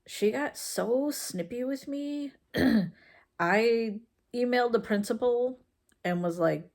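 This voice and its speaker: A woman vlogger telling a personal story about her son in a casual, frank way, with halting fillers and restarts. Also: a little high, darkish tone. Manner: frank and conversational. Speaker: mom vlogger.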